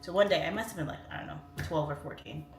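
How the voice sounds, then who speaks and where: A woman's voice: deep voice, quick pace. Chatty woman livestreaming from home. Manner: chatty and rambling, reads viewer comments aloud. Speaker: live stream host. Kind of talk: casual livestream chat. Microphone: phone on its side. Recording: echoey room with faint music.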